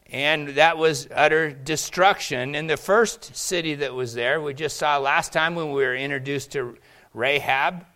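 A man's voice: on the high side, sharp tone. Man preaching, quizzing his congregation. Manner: asks the congregation questions and pauses for answers; slows down to read scripture. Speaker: pastor. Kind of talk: sermon.

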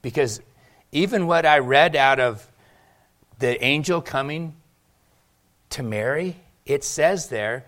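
A male pastor preaching a sermon in a lively, storytelling way, with emphatic turns. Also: mid-range voice, a little slow.

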